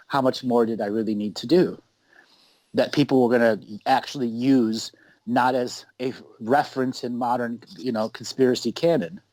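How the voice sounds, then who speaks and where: A man's voice: mid-range voice, darkish tone, no room sound, rough recording. A man hosting a casual conversation, talking in an emphatic, insistent way. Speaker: host.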